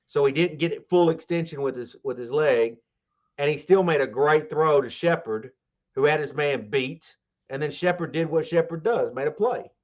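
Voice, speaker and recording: A man's voice: fairly high pitch, normal speed, lo-fi sound. A man co-hosting a sports podcast in casual chat, rambling and enthusiastic, full of fillers and restarts. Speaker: podcast co-host.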